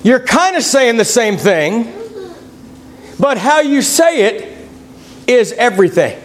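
Speaking slowly but with great animation, this middle-aged preacher mixes read-aloud scripture with stories from his own life. His folksy delivery carries wide pitch swings between points, over a slight hiss or hum.

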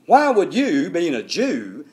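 A man's voice: on the high side, wildly swooping pitch, takes it slowly, a little mellow, heavily acted. A preacher voicing an indignant, scornful Samaritan woman. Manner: scornful, challenging. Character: indignant sharp-tongued Samaritan woman at a well.

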